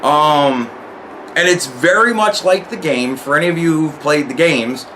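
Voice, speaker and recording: A man's voice: fairly high pitch, a little slow, a bit bright, a little hiss or hum. A man giving a casual spoken review of a TV series, rambling and swearing a lot, often restarting his sentences. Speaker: show reviewer.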